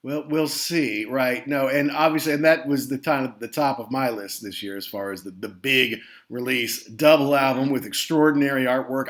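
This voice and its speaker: A man co-hosts a casual podcast chat, his voice sitting at an ordinary middle pitch. He rambles loosely, circling back on himself before landing his point. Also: a bit bright. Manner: rambling, lots of "you know" fillers and restarts. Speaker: podcast co-host. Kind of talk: casual chat about rock albums.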